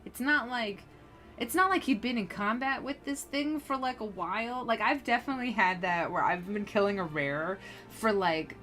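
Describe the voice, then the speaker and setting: A woman streamer chatting casually while playing, rambling and animated, full of fillers as she tells a story. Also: on the high side, moderate pace, faint music behind. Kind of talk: casual gameplay commentary.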